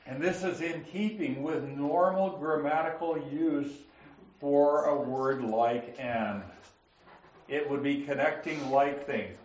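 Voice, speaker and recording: Slow, methodical man teaching a class. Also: a little high, a little mellow, roomy sound, dull audio. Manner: methodical, explains step by step, reads passages aloud. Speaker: Bible teacher. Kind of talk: classroom lecture on scripture grammar.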